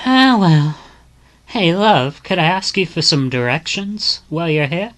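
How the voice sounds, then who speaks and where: A woman's voice: fairly low pitch, animated, unhurried, voice pushed up. A woman voicing a cheerful, blunt young woman with no filter, in a chirpy sing-song manner, while reading a visual novel aloud. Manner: chirpy, sing-song, calls people love.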